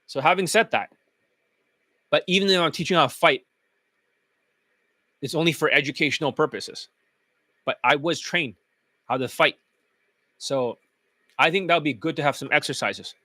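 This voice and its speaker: A man's voice: fairly high pitch, moderate pace, pauses often, bright, forceful tone, no echo. A man hosting a channel, talking in a casual, jokey monologue and amused at his own remarks. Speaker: dating coach and channel host.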